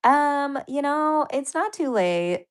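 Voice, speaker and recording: A woman's voice: high-pitched, animated, slow. A woman hosting a casual live stream, chatting loosely with viewers, reading their comments aloud and laughing often. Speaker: livestream host.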